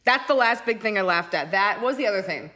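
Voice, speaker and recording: A woman in her forties, a comedian hosting a live podcast, telling stories in an animated, chatty way. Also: mid-range voice. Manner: animated, storytelling, quick to jump into voices. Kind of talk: casual comic chat at a live show.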